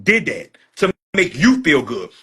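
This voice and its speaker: Husky-voiced man in a heated rant. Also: fairly high pitch, sing-song, unhurried, bright, forceful tone. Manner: repetitive, blunt, profane. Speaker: social media personality.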